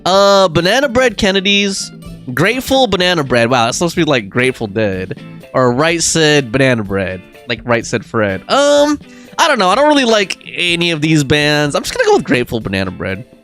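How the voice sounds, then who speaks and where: A man's voice: medium pitch, wildly swooping pitch, a little fast, a bit bright, soft background music. A young man casually commenting on a game during a live stream, laughing often and reading the game's text and viewers' chat aloud.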